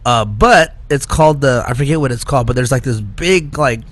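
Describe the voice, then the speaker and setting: A man's voice: mid-range voice, brisk, dry recording. A man hosting a podcast, telling loose stories in casual chat, laughing often and leaning on "like" and "dude". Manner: rambling storyteller, laughs often, full of "like" and "dude". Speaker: podcast host.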